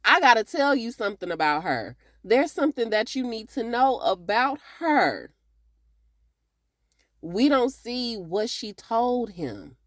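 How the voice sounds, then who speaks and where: A woman's voice: fairly high pitch, very animated, unhurried, fairly bright tone, dry recording, clean studio sound. A woman giving a casual, chatty TV episode recap, talking straight to her viewers. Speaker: TV recap reviewer.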